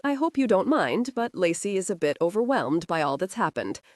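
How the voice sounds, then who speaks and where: A woman reading the part of a man who leads an FBI unit, speaking in a calm, firm and steady way. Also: lowish voice, moderate pace, no echo, clean studio sound.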